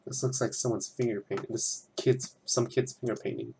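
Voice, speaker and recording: Young guy rambling while he paints at home, swears a lot, normal pitch, bit of noise behind. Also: fairly even intonation, normal speed, dark tone. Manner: rambling, chatty, swears freely. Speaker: art student drawing on stream. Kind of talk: casual commentary while drawing.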